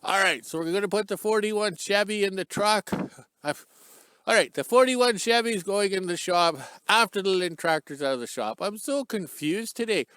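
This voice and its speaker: His voice sits high and smooth, moving at a moderate pace with a fairly bright tone and no echo. The speaker is a middle-aged Canadian vlogger hosting his channel, joking and chatting off the cuff outdoors in cold sun while filming himself on a stick-mounted handheld camera, often straying from the topic.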